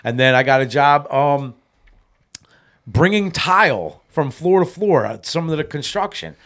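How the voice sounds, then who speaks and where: Animated man telling a recovery story. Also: a little slow. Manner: animated storyteller, acts out quoted voices with big pitch jumps. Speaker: podcast co-host in recovery. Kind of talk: casual storytelling chat.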